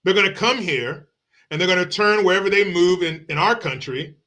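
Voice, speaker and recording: A man's voice: sits high, a little fast, pushed and bright. A middle-aged man hosting a show, giving blunt, profane and heated political commentary. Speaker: show host.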